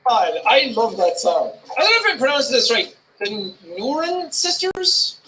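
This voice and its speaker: A bright, animated Irish man talking on a live stream, his voice bouncing up and down as he reacts to clips. He laughs along and echoes lines back, with a faint hum of background noise under his casual chat. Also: very high voice, brisk, distant mic. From Ireland, the Midlands.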